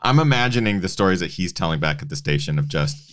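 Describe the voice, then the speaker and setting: A male podcast host with a fairly low voice that swings widely in pitch. He speaks in an animated, enthusiastic way during a casual interview. His questions come out eager and lively. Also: quick pace.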